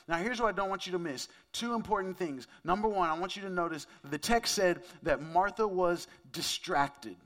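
A man's voice: sits high, moderate pace, hardly any pauses, a bit bright. A man preaching a sermon in a casual, conversational way, often asking his listeners questions. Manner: conversational, asks the audience questions. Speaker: pastor.

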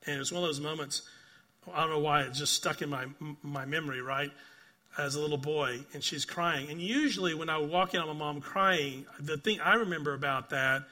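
An older man preaching a sermon. He tells stories earnestly, repeats phrases, and keeps asking "right?", rising to emphatic bursts and then dropping soft and quiet. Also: a little high, brisk. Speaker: pastor.

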